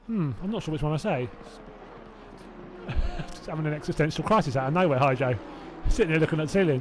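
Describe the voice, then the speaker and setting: His voice is on the high side and fast, and the background is noisy. He's a southern-accented Hertfordshire man live-commentating a sim race, chatty and rambling with viewers between calls, second-guessing himself and chuckling to himself.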